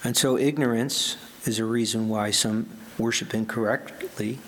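A man preaching a sermon as pastor, earnest and emphatic, slowing down to stress the scripture he quotes. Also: medium pitch, steady tone, fairly bright tone.

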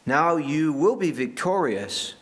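A man's voice: on the high side, very animated, slow pace, husky. A pastor giving a conversational sermon in an earnest way, often restarting his phrases.

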